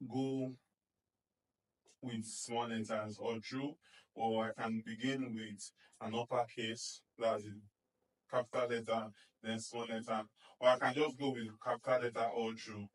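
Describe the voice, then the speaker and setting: Sounding out letters slowly, a male reading teacher leads a phonics lesson in an encouraging, repetitive style. He keeps saying "fantastic" and asks "okay?" and "do you understand?" again and again. His mid-pitched voice has fairly even intonation and is picked up a little distant from the mic.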